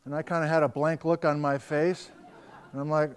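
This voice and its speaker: American guy lecturing to a crowd, kinda high voice, animated storyteller. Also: fairly quick, smooth. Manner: animated storyteller, acts out quoted dialogue. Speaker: geology lecturer. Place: lecture hall before a live audience.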